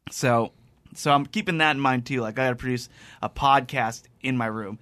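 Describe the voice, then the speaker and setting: A man hosting a podcast, spinning a casual anecdote with animated energy and quick laughs. He acts out both sides of his phone calls as he goes. The room sounds dry, with no echo. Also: medium pitch. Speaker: podcast host. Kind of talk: casual storytelling chat.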